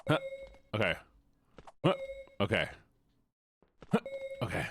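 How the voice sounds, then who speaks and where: A man's voice: on the low side, very animated, slow pace. A man live-streaming in a playful, joking way, sounding nasal and stuffed-up as he teases his chat. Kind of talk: casual live-stream chatter.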